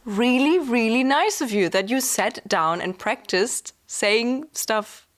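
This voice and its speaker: Lively, high-voiced young woman. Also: slow pace. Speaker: podcast co-host. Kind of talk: casual chat.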